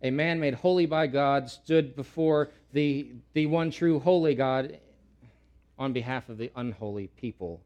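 A man preaching a sermon in an earnest way, repeating key words for emphasis and rising loud when quoting pleas. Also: mid-range voice, unhurried, dull audio. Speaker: pastor.

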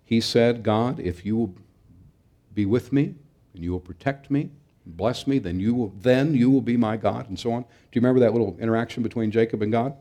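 A man's voice: medium pitch, a little fast, warm tone. A middle-aged man preaching a sermon in an earnest, emphatic way, sometimes restarting his phrases. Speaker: pastor.

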